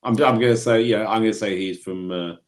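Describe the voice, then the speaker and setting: A man's voice: fairly low pitch, fast talker. A middle-aged man co-hosting a gardening podcast, chatting casually in rambling, self-interrupting sentences. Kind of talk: casual chat.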